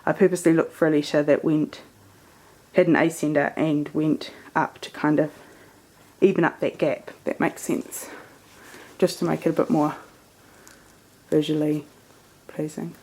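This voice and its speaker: A woman's voice: low-pitched, level tone, normal speed, pauses often, a little mellow. A woman chatting through her scrapbook page in a casual, meandering way. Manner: chatty and meandering, many fillers. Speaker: scrapbooking vlogger. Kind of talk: casual crafting show-and-tell.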